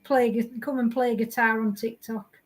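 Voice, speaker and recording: A woman's voice: on the high side, steady tone, moderate pace. A woman, a mother, chatting on a podcast, hesitant, with many fillers. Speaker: podcast co-host. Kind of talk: casual chat.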